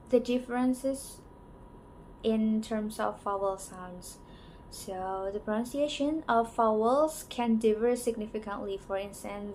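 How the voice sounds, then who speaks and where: Slow, halting young woman presenting a lesson. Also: on the high side, a little mellow, a little hiss or hum, rough recording. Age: young adult. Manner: slow, halting delivery with many pauses and "so" openers. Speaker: student presenter. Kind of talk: class presentation on English varieties.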